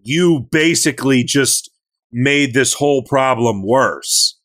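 A man chatting casually on a gaming podcast, retelling a story with animated, joking energy. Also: medium pitch, slow. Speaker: podcast co-host recapping a game.

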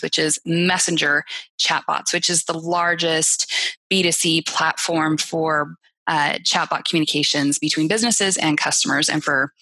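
A woman's voice: sits low, pushed and bright, no room sound. A woman guest on a podcast, friendly and explanatory, who laughs easily while chatting. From rural farm town. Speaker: podcast guest, chatbot specialist. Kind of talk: casual interview chat.

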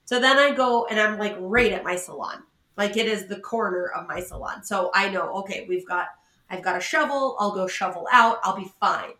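A woman's voice: medium pitch, moderate pace, pushed and bright, reverberant. A woman podcast co-host from the Pacific Northwest telling a story in casual chat, self-mocking and laughing often as she acts out what others said. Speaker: salon owner.

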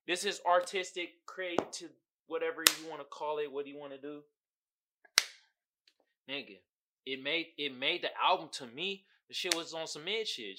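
A man hosting his own podcast, ranting casually and profanely, slipping into high mimicking voices. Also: sharp tone. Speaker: podcast host. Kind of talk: casual solo podcast rant.

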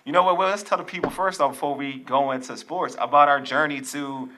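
A man's voice: a little high, fairly even intonation, brisk, a loud crowd. A man co-hosting a sports podcast, bantering and laughing in slangy casual talk. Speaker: podcast co-host. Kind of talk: casual chat.

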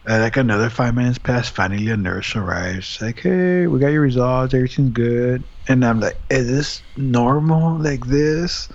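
A young man tells a story in a loose, swearing, animated way, slipping into the voices of himself and others. His voice sits in an ordinary middle register. The sound is slightly dull and lo-fi. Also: mid-range voice, brisk, creaky, hardly any pauses. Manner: profane, animated retelling with quoted asides. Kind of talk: casual storytelling chat. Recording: dull lo-fi audio.

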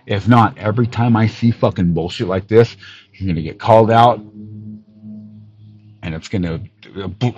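A man hosting a podcast, ranting in an angry callout with lots of swearing, missing some teeth, swinging from loud outbursts to low muttering. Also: measured pace, long pauses, highs cut off. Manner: profane, heated, swings from shouting to low muttering. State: missing teeth, awaiting dental work. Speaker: podcast host.

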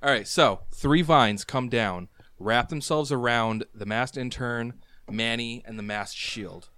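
A man narrating a tabletop game as game master, explaining rules and describing scenes with brisk fillers. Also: medium pitch, pushed and bright, clear, resonant tone, no echo, clean studio sound.

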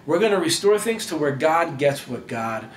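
A preacher voicing Jesus as a calm male leader, in a casual, conversational way. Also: on the high side, normal speed, reverberant, far from the mic, a little hiss or hum. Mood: reassuring.

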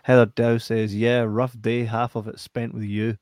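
A man's voice: medium pitch, little pitch movement, normal speed, a little mellow, dry recording. A man with a Scottish accent hosting a casual live stream, reading out chat messages with lots of laughter and banter. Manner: banters, laughs often, swears.

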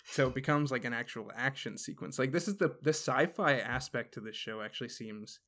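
A man of middle pitch co-hosting a casual podcast, asking curious questions. He stumbles and restarts often as he thinks aloud. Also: brisk, a bit bright. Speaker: podcast co-host. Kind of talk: casual chat.

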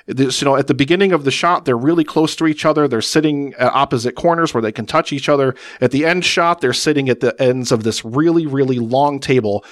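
A man's voice: medium pitch, a little fast, hardly any pauses, no room sound. A man chats as a podcast guest in a mid-range voice, explaining at length and leaning on "like" and "you know". His voice sounds dry and close, with no room around it. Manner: chatty and explanatory, heavy with fillers like "like" and "you know". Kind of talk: casual podcast chat.

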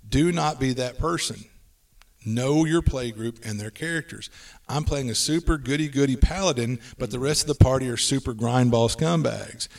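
A man's voice: medium pitch, normal speed, creaky, recorded from a distance. A man hosting a casual podcast, giving game advice and rattling through lists of tips.

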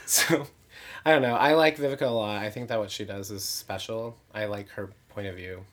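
A man's voice: on the low side, steady tone, brisk, a bit bright. A man who performs in drag, chatting candidly in an interview with many "like" fillers and self-mocking asides. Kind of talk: casual interview chat.

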